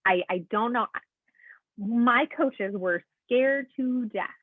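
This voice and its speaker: Woman team coach, slightly high and husky, chatty and encouraging, heard over a tinny line. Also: slow pace, dry recording. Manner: chatty, keeps checking in with "okay?"; encouraging, addresses listeners as "guys". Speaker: coach leading a team call. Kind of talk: motivational coaching talk. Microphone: call audio. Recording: tinny, dry phone-line sound.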